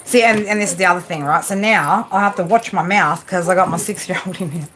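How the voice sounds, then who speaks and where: A woman's voice: on the low side, quick pace, a bit bright. Chatty woman hosting a live tarot stream. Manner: chatty, swears freely, talks to viewers and pets by name. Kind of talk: casual live-stream chat. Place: at home.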